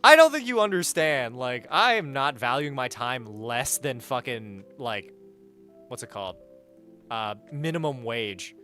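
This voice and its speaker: A man's voice: medium pitch, very animated, a little slow, sharp tone, faint music behind. A young man streaming live, chatting casually, reading out chat and donations, blunt and swearing freely as he rants. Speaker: livestreamer.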